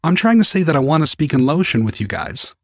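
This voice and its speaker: A man's voice: fairly high pitch, very animated, quick pace, slightly rough, dry recording, studio quality, voice pushed up. A man voicing a young adult male otter who stammers earnestly as he struggles for words.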